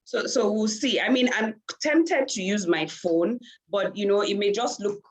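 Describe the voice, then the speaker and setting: A woman's voice: medium pitch, moderate pace, husky. A woman giving a talk over a video call, conversational in manner. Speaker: guest speaker.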